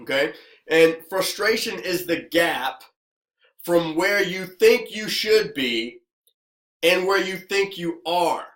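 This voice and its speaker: A man who works as a business coach, giving an energetic motivational talk to the camera and checking in with "okay?" again and again. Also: high voice, slow, reverberant. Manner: energetic, repetitive, keeps asking "okay?".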